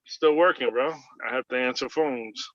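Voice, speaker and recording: A man's voice: medium pitch, moderate pace, a little hiss or hum. Man telling a story on a lo-fi video call. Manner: animated retelling, acting out both sides. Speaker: airline agent. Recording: dull lo-fi video call audio.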